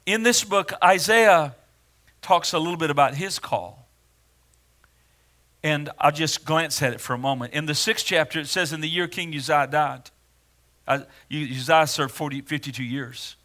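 A man delivering a sermon in a high, bright voice. He speaks earnestly and grows emphatic whenever he reads scripture aloud. His tone is forceful and clear. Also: moderate pace. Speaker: preacher.

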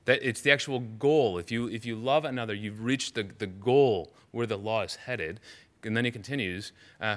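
Bright-voiced man preaching casually. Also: mid-range voice, lively intonation. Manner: conversational, halting with restarts, reads scripture aloud. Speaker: pastor. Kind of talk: sermon.

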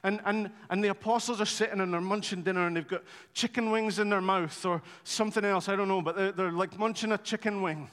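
A man preaching a sermon, telling stories in an animated, conversational way with touches of humour. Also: sits high, brisk, hardly any pauses. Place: church hall. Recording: long hall reverb.

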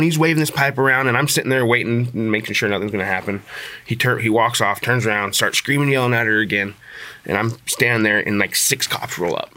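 Bright-voiced, blunt man. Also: on the low side. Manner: blunt, profane, exasperated. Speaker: utility worker. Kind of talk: casual storytelling chat.

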